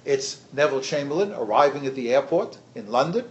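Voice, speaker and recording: An older man, a history professor, lecturing teachers in a lively storytelling way and acting out the quoted voices. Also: mid-range voice, brisk, echoey room, highs cut off.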